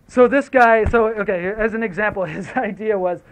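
A man giving a casual storytelling lecture, animated, slangy and profane, drifting into asides. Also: high voice, quick pace, few pauses, a little hiss or hum. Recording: tinny phone-like audio.

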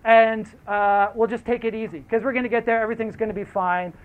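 Laid-back young working men shrug things off in slangy, casual talk, put on by a man. The voice sits high. The audio is thin, like a phone line. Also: fairly even intonation, quick pace, close to an everyday voice. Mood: easygoing. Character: laid-back young male workers, bro-ish.

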